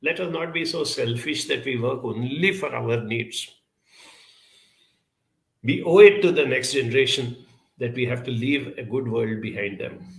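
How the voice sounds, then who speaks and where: A man answers audience questions with earnest, measured advice, his voice gravelly yet bright. He pauses often, filling gaps with 'uh'. The sound rings with the echo of a roomy space. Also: mid-range voice. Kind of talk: advice talk.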